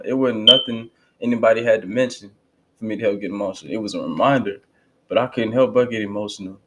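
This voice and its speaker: A man hosting a reaction video, talking casually and emphatically with fervent bursts. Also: lowish voice. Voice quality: conversational, emphatic, lapses into quoting others. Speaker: channel host reacting to a speech.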